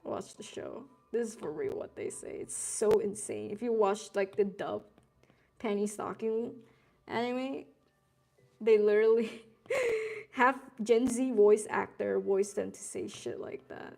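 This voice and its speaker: A woman's voice: mid-range voice, expressive, measured pace, vocal fry, a little mellow, soft background music. A young woman streaming while she draws, chatting in a laid-back, rambling way with casual swearing and Gen Z slang. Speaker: streamer drawing live. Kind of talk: casual chat while drawing.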